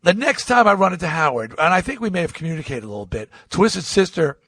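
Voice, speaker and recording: A man's voice: very animated, fast, no room sound. A man from Long Island, hosting a podcast, tells a rambling anecdote and acts out the people in it with big swings in voice. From Long Island, New York. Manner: acts out quoted voices with swings in pitch and loudness; rambling, with many restarts and asides. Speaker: podcast host. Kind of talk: animated anecdote storytelling.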